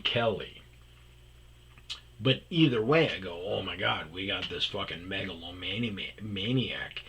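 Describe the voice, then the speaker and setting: Male storyteller, low husky voice, unhurried, swears a lot, gets loud playing out the quotes. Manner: profane, animated, acts out quotes loudly. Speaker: storyteller host. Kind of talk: casual ranting storytelling.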